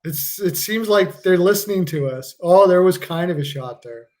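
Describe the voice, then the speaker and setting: Laughing, high-voiced man reacting live. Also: lively intonation, moderate pace, a little mellow. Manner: laughs a lot, swears, loose and joking. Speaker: live stream host. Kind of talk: casual live game reaction commentary.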